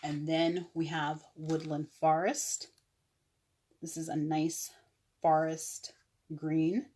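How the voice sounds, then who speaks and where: A woman with a low voice chats her way through a live nail product demo. She talks at an unhurried pace, full of fillers and little self-corrections. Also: level tone, warm tone, breathy edge. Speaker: online nail seller. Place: live stream.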